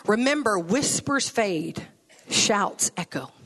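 A woman's voice: mid-range voice, expressive, slow, a bit bright. A woman preaching a sermon with folksy phrasing and laughing asides.

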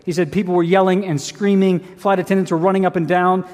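A man with a high voice preaches a sermon, earnest and emphatic, pressing his points with rhetorical questions. His voice carries a long reverb, as if in a church sanctuary. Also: flat delivery, fast, a little mellow. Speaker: pastor.

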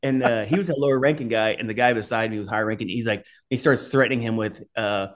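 Middle-aged guy rattling off a story fast, swearing, laughing, casual chat. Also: fairly low pitch. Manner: fast, rambling, swears and laughs while telling stories. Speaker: podcast guest, former Army skydiver.

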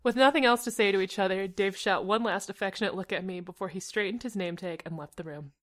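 A woman's voice: medium pitch, quick pace. A woman co-hosting a comedy podcast, reading a story aloud in a dry tone and cracking up at the text. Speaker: podcast co-host reading fan fiction.

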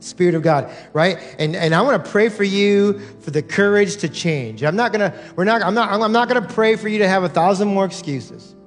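A man preaching a sermon as pastor, repeating lines and building to shouts. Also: sits high, animated, brisk, few pauses, soft background music.

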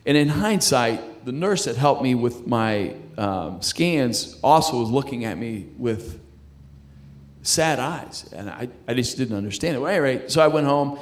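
A middle-aged man with a medium-pitched, animated voice shares his personal faith testimony in conversation. His telling is halting, and he stumbles, repeats words, and restarts as the story unfolds.

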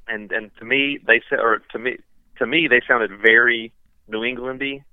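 A man with a Southern accent, guesting on a podcast and telling rambling, animated stories with lots of restarts. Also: mid-range voice, moderate pace, clean tone, no room sound, phone-quality sound. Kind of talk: casual chat.

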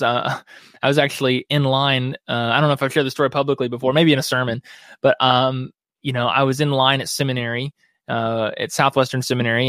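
A man appears as an interview guest on a biblical counseling podcast, speaking warmly and conversationally with an earnest, reflective manner. His ordinary mid-range voice is recorded close up, with no echo.

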